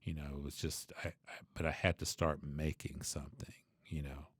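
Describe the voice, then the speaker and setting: A man who teaches bass, talking through his ideas in a loose, reflective way, with many asides and restarts. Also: level tone, normal speed, slightly rough, no room sound, clean studio sound. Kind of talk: conversational teaching monologue.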